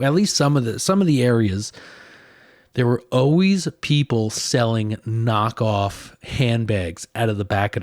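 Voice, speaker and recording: A man's voice: mid-range voice, darkish tone, dry recording, studio quality. A man from northern New Jersey, a podcast host telling a story in a casual, chatty way full of fillers and raised mimicking voices.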